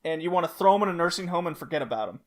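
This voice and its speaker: A man with a slightly higher voice chats loosely on a podcast, laughing a lot as he tells the story. He trips over his words and restarts often as he goes. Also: animated, very fast. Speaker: podcast host. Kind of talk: casual chat.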